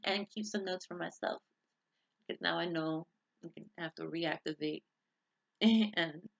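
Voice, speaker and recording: Rambly vlogger, gravelly voice, wanders off topic a lot, muffled lo-fi recording. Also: mid-range voice, big pitch swings, fairly quick. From United States. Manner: rambling, tangential, self-interrupting. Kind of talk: casual rambling monologue. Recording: dull lo-fi recording.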